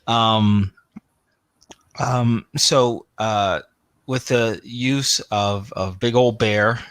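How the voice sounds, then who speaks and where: A man's voice: on the low side, fairly even intonation, drawn-out words, a bit bright, smooth, no room sound. A man narrating a tabletop game as game master, rambling with many fillers.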